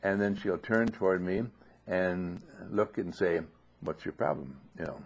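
Husky low-voiced man giving a spoken teaching. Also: fairly even intonation, a little slow. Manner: clears throat often, rhetorical questions, homely anecdotes. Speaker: monastery teacher. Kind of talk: informal spoken teaching talk. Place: dining room of a mountain monastery. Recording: dull lo-fi recording.

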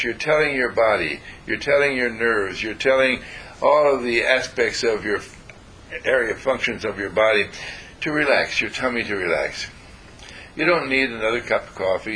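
Man, spiritual teacher, bright clear tone, calm and repetitive, faint low rumble behind. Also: poor audio. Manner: calm, repetitive, gently instructive. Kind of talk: guided affirmation talk.

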